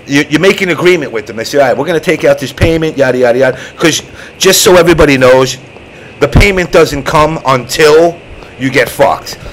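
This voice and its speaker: A man's voice: a little high, fairly quick, slight background noise, poor audio. A man hosting a casual online show, telling a long story with lots of swearing and acted-out voices. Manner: profane, animated storytelling. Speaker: show host. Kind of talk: casual chat.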